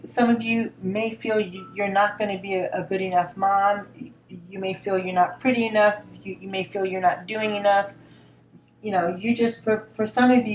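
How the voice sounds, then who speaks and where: A woman giving a spoken tarot reading in a gentle, reassuring tone, often repeating words and asking "all right?". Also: medium pitch. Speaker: tarot reader. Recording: roomy sound from a distance, faint noise.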